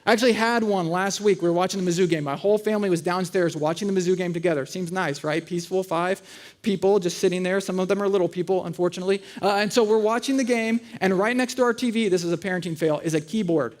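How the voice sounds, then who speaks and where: High-pitched guy pastor in his 30s, talks like he's chatting with friends, pokes fun at himself. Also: quick pace. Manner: conversational, self-mocking, acts out voices in his stories. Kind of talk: sermon with storytelling. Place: church auditorium.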